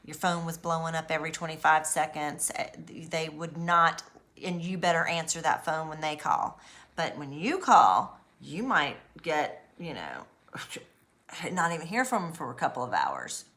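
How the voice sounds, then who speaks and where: Brief: woman vlogger, chatty and animated, speaks straight to the viewer. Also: sits low, a little slow. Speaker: vlogger on abuse recovery. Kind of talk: casual monologue to camera.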